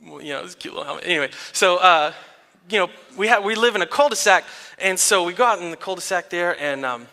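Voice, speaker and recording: A man in his thirties, a pastor giving a sermon in a relaxed storytelling way, laughing often. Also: high voice, fast, vocal fry. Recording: long reverb of a large hall.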